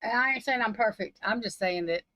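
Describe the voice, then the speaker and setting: A woman's voice: fairly high pitch, brisk, background noise. A woman chatting casually on a livestream in a rambling, blunt, heavily profane way. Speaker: livestream chat participant. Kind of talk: casual chat.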